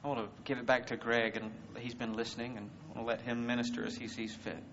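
A man with a Southern US accent preaching a conversational sermon, swinging between loud emphasis and hushed words. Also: medium pitch, level tone, quick pace, a little hiss or hum. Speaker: guest speaker. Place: church service. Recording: muffled reverberant hall recording.

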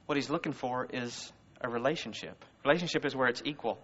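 A man with a Southern US accent preaching a conversational sermon, swinging between loud emphasis and hushed words. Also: mid-range voice, fast talker, breathy edge. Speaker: guest speaker. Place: church service. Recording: muffled reverberant hall recording.

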